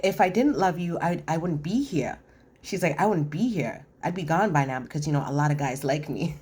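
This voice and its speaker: Low-voiced woman recapping a reality show. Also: darkish tone. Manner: chatty, acts out quotes with many "like"s.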